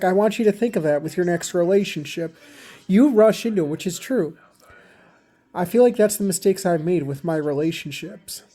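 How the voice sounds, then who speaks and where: A young man with a high, warm voice rambles through some relationship advice he was given, dropping plenty of fillers. It's a laid-back storytelling vlog.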